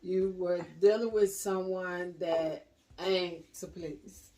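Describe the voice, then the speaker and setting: A woman's voice: fairly low pitch, fairly even intonation, slow pace, warm tone, recorded from a distance. A woman in a casual panel discussion, earnestly repeating and driving home her point.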